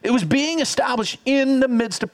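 A man preaching a sermon as pastor, energetic and teaching, calling on the congregation to repeat after him. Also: very high voice, moderate pace. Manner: energetic, teaching, audience call-and-response.

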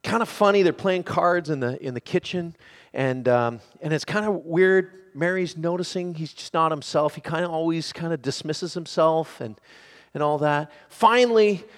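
A man preaching a sermon who swings between hushed, quiet passages and loud, excited shouting. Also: on the high side, moderate pace, few pauses.

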